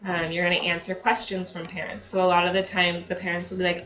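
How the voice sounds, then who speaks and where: Bright-voiced woman giving casual training. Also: lowish voice, flat delivery, fast. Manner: conversational, fillers and quoted examples. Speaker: ABA therapy trainer. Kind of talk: staff training talk. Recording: dull lo-fi audio.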